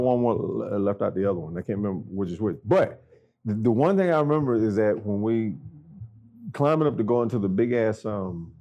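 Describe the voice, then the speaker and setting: A middle-aged military veteran, guesting on a podcast, tells stories in casual talk with a mellow voice. He's blunt, swears constantly, and jumps up in pitch to act out the people he quotes.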